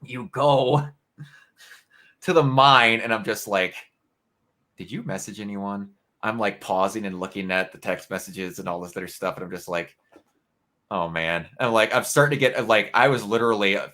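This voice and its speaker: A man's voice: fairly low pitch, moderate pace. A young man casually reviewing a video game with a friend, animatedly retelling scenes and acting out the lines. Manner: animated storytelling, acts out scenes with quotes. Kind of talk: casual spoiler review chat.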